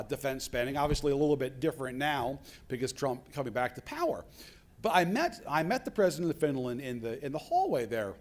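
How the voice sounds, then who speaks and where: A man giving a storytelling speech at a business conference, acting out the dialogue he quotes. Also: fairly high pitch. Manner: animated, acts out quoted dialogue. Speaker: keynote speaker. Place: conference hall.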